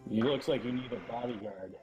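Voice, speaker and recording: A man playing a tabletop game, talking in a slow, laid-back way. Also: mid-range voice, dull audio, music in the background. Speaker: player. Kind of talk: casual talk at a tabletop game.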